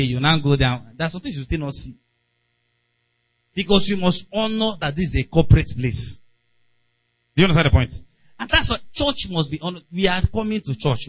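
A man's voice: a little high, a bit bright, dry recording, low-quality recording. A man preaching a conversational sermon and acting out little everyday scenes. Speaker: pastor.

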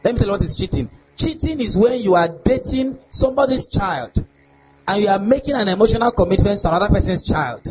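A young adult man, a pastor, preaching a lively sermon on relationships and often asking his listeners if they get the point. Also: high-pitched, fast talker. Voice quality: animated preaching with laughs and repeated rhetorical questions. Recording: dull lo-fi sound with faint ambience.

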